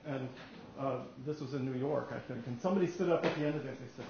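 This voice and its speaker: A man in his sixties giving a technical lecture at a society meeting, with a halting, rambling delivery and wry humor. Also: medium pitch, darkish tone, slight background noise. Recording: very echoey, dull room recording.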